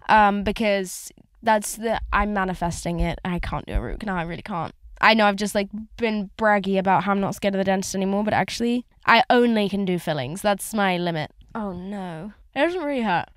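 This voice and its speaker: A woman's voice: mid-range voice, clean tone, dry recording, studio quality. A woman hosting a casual solo podcast from inside her car, rambling candidly with lots of swearing and filler words. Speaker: podcast host.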